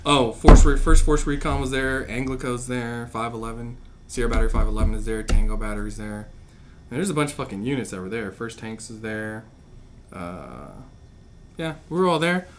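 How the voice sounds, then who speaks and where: A man in a casual podcast chat, telling profane, animated stories and acting out loud quotes. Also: medium pitch, moderate pace, a little hiss or hum.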